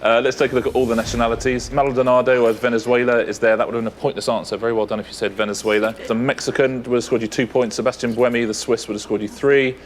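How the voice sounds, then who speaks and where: An English man co-hosting a quiz show reads out answers and scores in a measured, informative way, with light chatty asides. His voice sits in the middle range. Faint background noise sits behind him. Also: mid-range voice, little pitch movement.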